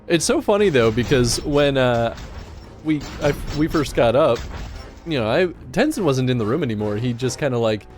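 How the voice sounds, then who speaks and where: Chatty man streaming, lively pitch. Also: moderate pace, soft background music. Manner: rambling, with restarts and laughter. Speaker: livestream host. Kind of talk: casual chat while streaming a game.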